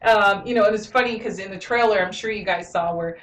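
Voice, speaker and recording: A woman's voice: mid-range voice, fairly quick, a bit bright. A woman giving a casual movie review and retelling scenes with lots of "you know" fillers. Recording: roomy echo, mic at a distance.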